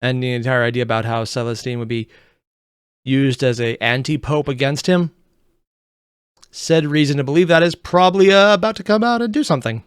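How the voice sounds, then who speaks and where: A young man hosting a reaction video, chatting casually and rambling with unsure asides in quick bursts. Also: medium pitch, smooth, no echo, clean studio sound.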